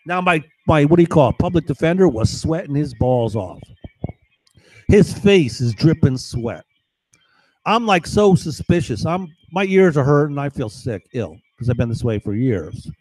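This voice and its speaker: A man's voice: a little high, very animated, moderate pace, a little mellow, low-quality recording. A man in an agitated, rambling monologue, repeating himself and swearing often. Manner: agitated, profane, repetitive. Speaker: vlogger.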